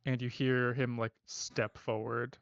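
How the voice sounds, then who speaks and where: Male game master, relaxed narration, dry dull sound. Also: medium pitch, measured pace, no room sound. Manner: relaxed storytelling with fillers.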